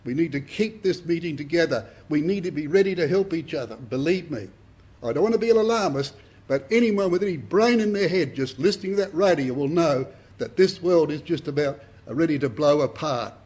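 A man's voice: fairly high pitch, animated, fairly quick, darkish tone, slightly rough. An older man, giving an earnest, emphatic Bible sermon to a congregation and often repeating his words. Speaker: Bible speaker.

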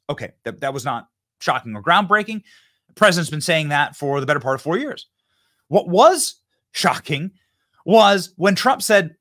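A man in his thirties hosts a political commentary show. He talks in an emphatic, heated way and breaks into sudden outbursts. His voice sits a little high and swings widely in pitch. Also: bright, forceful tone. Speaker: show host.

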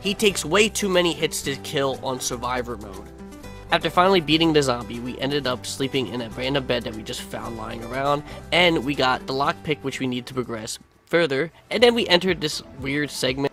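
A man's voice: mid-range voice, a bit bright. A man giving a casual, laid-back voice-over of his own gameplay, swearing freely and adding sarcastic asides. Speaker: gaming video creator.

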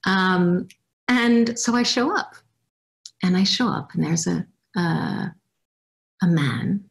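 A woman's voice: on the low side, creaky. A woman giving a personal storytelling talk as a guest speaker, reflective and acting out her past reactions. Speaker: guest speaker at a youth summit.

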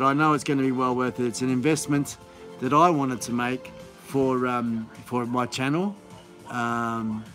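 A man's voice: medium pitch, a bit bright. A man hosting a live stream in a casual, rambling, enthusiastic way, full of fillers and restarts.

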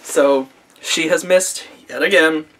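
A man's voice: on the high side, takes it slowly, a bit bright. A man recapping an anime episode in a casual video review, sarcastic and profane, laughing often, recorded on a camera mic.

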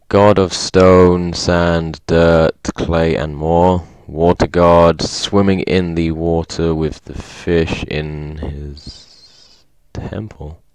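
Brief: male game commentator with a very low voice, upbeat, reads signs aloud, dry close sound. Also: dry recording. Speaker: gaming video host. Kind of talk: casual gameplay commentary.

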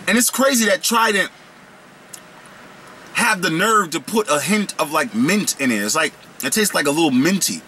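Brief: male snack vlogger, loose and slangy, sharp bright tone, slightly raised pitch. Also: lively intonation, normal speed, slight background noise. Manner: slangy, playful, riffs and rambles. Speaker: snack reviewer. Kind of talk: casual snack review vlog.

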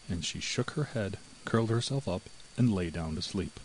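A man narrating a fairy tale in an expressive, measured storybook reading. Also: deep voice, breathy edge, poor audio. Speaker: audiobook narrator.

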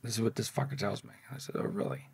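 Talking a bit quickly in a lowish, gravelly voice with a breathy edge, a man tells his story in an interview. He swears a lot and animatedly acts out the voices of people in it, keeping it casual storytelling. There is no echo.

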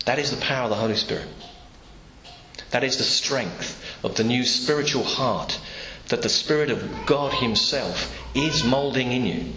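A man's voice: mid-range voice, normal speed, bright, forceful tone, slight background noise. A man preaching a sermon in a church, telling the story through imagined dialogue. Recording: echoey church room, faint ambience.

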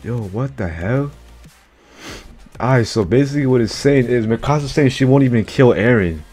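A man's voice: mid-range voice, lively intonation, normal speed, darkish tone, slightly rough, soft background music. A man casually reacting to an anime chapter, slangy and profane, who keeps blurting out exclamations.

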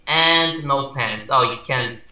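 A man's voice: mid-range voice, slow, pushed and bright. A young man joking dryly with a friend while they play a game. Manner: dry, joking banter. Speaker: gamer. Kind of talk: casual gameplay commentary. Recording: echoey room.

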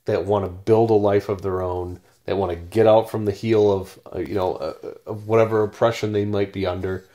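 American man, lowish voice, podcast co-host, hesitant, lots of ums. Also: fairly even intonation, a little fast, mellow. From United States. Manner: hesitant, many fillers and restarts. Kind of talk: casual podcast discussion.

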